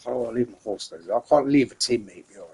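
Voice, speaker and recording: Husky-voiced English man rambling through a game. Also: mid-range voice, quick pace, mellow. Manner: rambling, chatty, talks to himself and his in-game horse. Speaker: gamer, channel host. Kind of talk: casual gameplay commentary.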